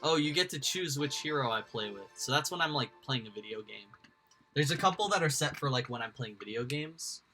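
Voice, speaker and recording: Streamer guy rambling at chat, swears a lot, bright voice, bit of music underneath. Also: medium pitch, animated, brisk. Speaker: livestream host. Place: indoors at home.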